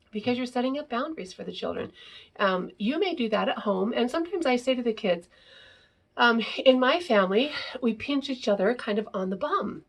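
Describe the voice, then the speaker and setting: This parenting educator has a medium-pitched, gravelly, slightly bright voice. She explains her ideas in a relaxed, conversational way and often finishes a point with "right?".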